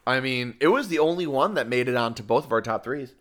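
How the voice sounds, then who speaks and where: A man's voice: medium pitch, animated, fast, fairly bright tone. A man co-hosting a podcast in casual chat, laughing often and swearing freely. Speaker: podcast co-host.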